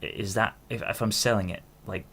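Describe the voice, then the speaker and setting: Speaking briskly, a young man in his twenties runs a solo podcast, wandering off topic, cutting himself off, and swearing offhandedly. His low voice is fairly bright with a breathy edge and fairly even intonation.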